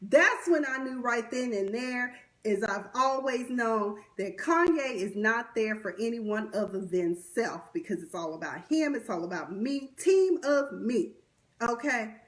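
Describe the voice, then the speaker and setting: A young woman with a slightly higher voice runs through an unscripted commentary recap. She talks with blunt, sassy exasperation, full of slang and asides. Her voice comes through a livestream webcam or phone mic. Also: animated, measured pace, fairly bright tone. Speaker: commentary vlogger.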